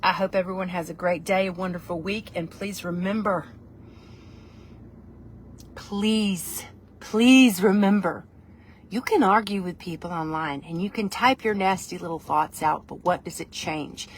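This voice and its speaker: A woman's voice: on the low side, fairly even intonation, fairly quick, hardly any pauses, slight background noise. A woman, chatting in a casual, rambling vlog, playful and self-mocking. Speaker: vlogger.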